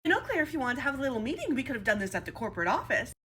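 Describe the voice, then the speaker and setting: A woman's voice: high-pitched, sing-song, very fast, fairly bright tone, a little hiss or hum. A woman playing a fake-sweet female district manager with a saccharine manner in a comedy skit. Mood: sugary. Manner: saccharine, then snippy. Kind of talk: comedy skit role-play.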